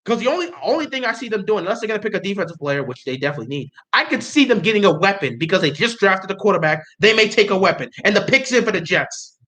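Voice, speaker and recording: A young man livestreaming his reactions, chatting casually and getting excitable, pleading and repeating himself. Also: high voice, quick pace, few pauses. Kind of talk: casual live reaction chat.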